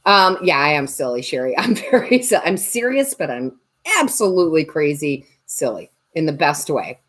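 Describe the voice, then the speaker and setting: A woman's voice: low voice, animated, moderate pace, a bit bright. A woman tarot reader and medium chatting on a livestream, joking and reading viewer comments aloud. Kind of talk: casual livestream chat.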